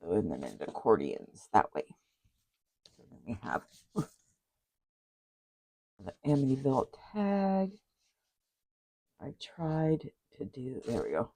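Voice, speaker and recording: Chatty woman with a lively, swooping voice. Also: extremely low pitch, slow pace, long pauses, breathy edge, rough recording. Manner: rambling, chatty, frequent asides and apologies. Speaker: craft vlogger. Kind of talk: casual journal flip-through chat.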